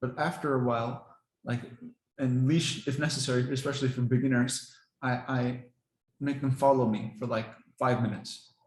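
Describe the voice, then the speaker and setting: A man casually explaining how he trains his dogs, relaxed and rambling, laughing often. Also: mid-range voice, normal speed, roomy sound, rough recording. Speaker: dog owner explaining training. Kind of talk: casual talk to camera.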